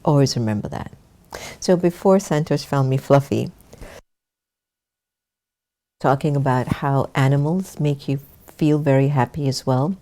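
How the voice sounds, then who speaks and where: A woman hosting an online talk show with a low, mellow voice. She speaks in a chatty, encouraging way to her viewers. The delivery is relaxed and friendly. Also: moderate pace. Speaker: host.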